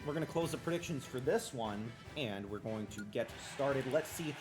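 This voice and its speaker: A man with a Wisconsin accent hosting a live-streamed tournament, chatting with viewers and calling the matches play by play, getting excited as the action builds. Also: mid-range voice, normal speed, music in the background. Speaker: tournament host and commentator.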